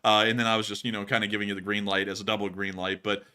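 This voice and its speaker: A man's voice: on the low side, flat delivery, rapid-fire, pushed and bright, clear, resonant tone. A man hosting a live stream, chatting loosely with many fillers and laughs as he answers donations. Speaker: host. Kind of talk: casual live-stream chat reading donations.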